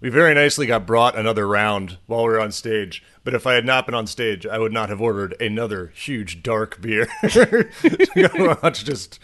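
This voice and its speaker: A man's voice: on the low side, sing-song, moderate pace, hardly any pauses, fairly bright tone. A young man co-hosting a podcast in casual chat, joking and swearing, laughing often. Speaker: podcast co-host.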